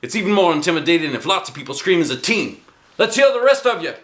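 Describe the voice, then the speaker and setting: A man voicing a showy male self-defense teacher who thinks he is an action hero, talking loud and booming. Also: very animated, fast. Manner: loud, booming, shouts battle cries.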